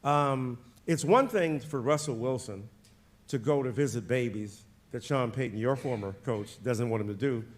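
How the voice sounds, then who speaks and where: A male interviewer on stage at an author event, talking in lively bursts. He turns loud and fast when he gets worked up, then drops to quiet asides and jokes. His pitch sits mid-range for a man. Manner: animated, jokey, swings from loud to quiet, quick bursts.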